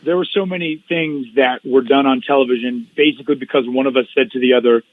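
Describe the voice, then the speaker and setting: A man's voice: mid-range voice, fairly even intonation, fast. Middle-aged male guest, dull lo-fi sound. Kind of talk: casual storytelling in an interview.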